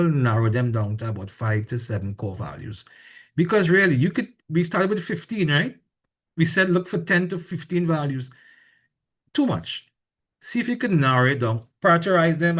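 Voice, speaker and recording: A man with a Trinidadian accent giving a university lecture, animated, repeating points and asking the class rhetorical questions. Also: mid-range voice.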